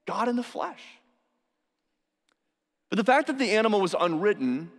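Man, pastor, sermon, emphatic, rhetorical questions, fairly high voice, long hall echo.

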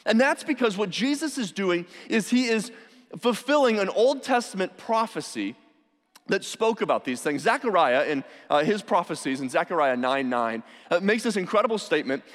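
A man's voice: high-pitched, lively intonation, moderate pace. A man preaching a sermon as pastor, speaking emphatically and asking rhetorical questions. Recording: long hall reverb.

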